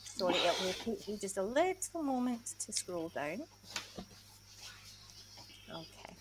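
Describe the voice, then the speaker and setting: A woman's voice: mid-range voice, big pitch swings, slow pace, very noisy. A woman hosting a panel over a video call, upbeat and enthusiastic. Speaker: host.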